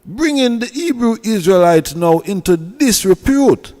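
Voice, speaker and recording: A man's voice: high voice, expressive, measured pace, dark tone, in a large hall. A man with a Jamaican accent who scolds and preaches in a heated commentary rant, repeating himself. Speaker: online commentator.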